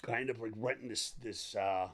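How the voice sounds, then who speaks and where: Animated, rambling middle-aged man telling stories. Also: lowish voice, a little fast. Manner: animated, rambling, acts out quoted dialogue, laughs often. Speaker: podcast guest. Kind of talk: candid storytelling conversation.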